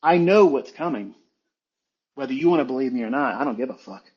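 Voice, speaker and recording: A man's voice: mid-range voice, lively intonation, a little fast, breathy edge, highs cut off. A man talking as a trading mentor in a blunt, emphatic, profane monologue, repeating his points for weight.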